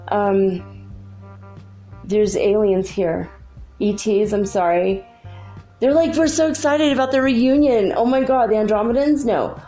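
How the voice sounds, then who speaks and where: A woman hosts a casual solo spiritual talk from her room at home, chatty and bubbly and saying "like" a lot. Her voice is medium-pitched and mellow.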